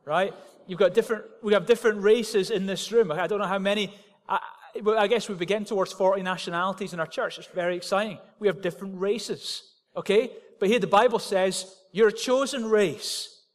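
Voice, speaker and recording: A pastor preaching a sermon in church, with emphatic, repetitive declarations. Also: male voice, high-pitched, fairly even intonation, fairly quick, big-room sound. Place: church hall.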